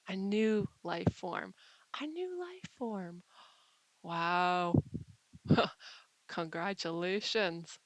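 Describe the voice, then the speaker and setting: A woman hosts a casual, rambling monologue with a playful, mock-dramatic streak. She talks at an unhurried pace with a gravelly rasp. The sound is dry and close. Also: mid-range voice, a bit bright, no room sound, low-quality recording. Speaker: channel host.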